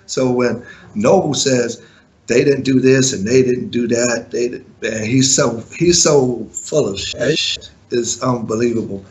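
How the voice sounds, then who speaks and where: A man who once managed a music group, giving an interview and telling his side with indignant, animated storytelling full of fillers and restarts. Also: mid-range voice, measured pace. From living in Europe.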